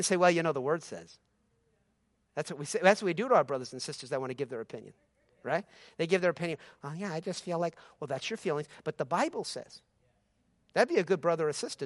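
A man preaching a sermon as pastor, moving between easy conversational talk and loud, rising exhortation. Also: high voice, dry recording, studio quality.

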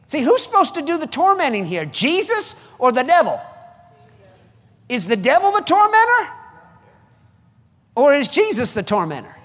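High-voiced man preaching emphatically. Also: normal speed, long pauses, big-room sound. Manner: emphatic, animated, rallying. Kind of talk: sermon.

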